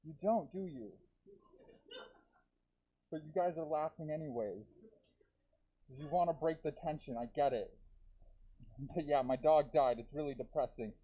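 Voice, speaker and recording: A man performing a live stand-up set with dark, deadpan jokes and self-aware asides to the audience, talking through a deer mask. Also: a little high, unhurried, long pauses, husky, lo-fi sound. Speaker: stand-up comedian. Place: comedy theater stage.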